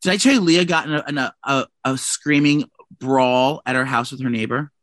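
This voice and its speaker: A man's voice: medium pitch, moderate pace, a bit bright, no echo. A man co-hosting a casual gossip podcast, telling a profane, rambling story full of restarts. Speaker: podcast co-host.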